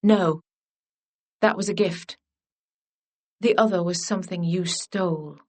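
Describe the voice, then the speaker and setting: A woman voicing a charming, teasing male lord in a lowered, unhurried voice.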